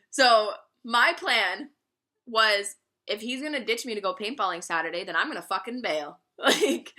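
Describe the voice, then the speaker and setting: A woman's voice: a little high, moderate pace, bright, forceful tone. A young woman vlogger telling a story in a casual, candid, profane way and laughing often.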